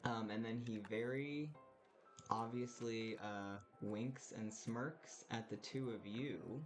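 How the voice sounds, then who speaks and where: A man's voice: fairly low pitch, slow pace. A man narrating a tabletop game as game master, casually and with many hesitant fillers. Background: music.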